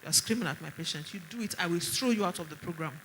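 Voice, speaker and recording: A middle-aged woman with a Nigerian accent speaks at a women's conference with a bright, forceful voice. She tells stories animatedly and presses her points with sharp rhetorical questions, a doctor addressing the room. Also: lowish voice, fast, slight background noise, rough recording. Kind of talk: conference talk.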